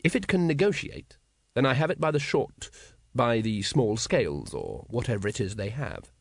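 A man voicing a dry, calculating older male ruler who speaks in measured, sardonic questions in an audiobook. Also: medium pitch, very animated, gravelly, no echo. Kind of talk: audiobook character voice.

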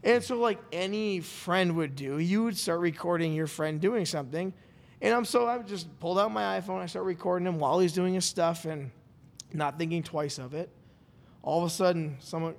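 A man's voice: fairly high pitch, moderate pace, creaky. Sex: man. Role: podcast host. Style: rambling storytelling. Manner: rambling, animated, quotes people in dialogue. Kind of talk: casual storytelling chat. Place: studio.

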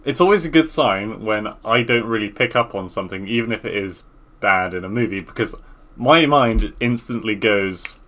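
Man, podcast co-host, casual chat, bright tense voice, lowish pitch. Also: expressive, moderate pace. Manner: loose, swears casually, trails off mid-sentence.

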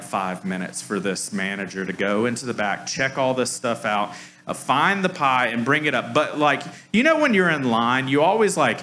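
A man's voice: medium pitch, sharp tone. A man preaching a conversational sermon, telling stories in a casual way with lots of "like" fillers and self-deprecating humor. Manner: casual storytelling, frequent "like" fillers. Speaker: pastor.

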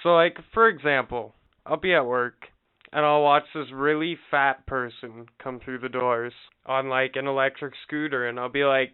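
A man's voice: medium pitch, steady tone, moderate pace, clean tone, no room sound. A man co-hosting a podcast in crude casual chat, rambling and swearing as he laughs at himself. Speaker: podcast co-host. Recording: tinny phone-like podcast audio.

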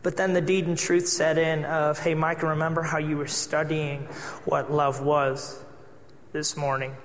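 High-voiced pastor preaching in an echoey hall. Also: male voice, unhurried. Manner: animated storytelling with acted-out dialogue. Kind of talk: sermon. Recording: echoey hall with long reverb.

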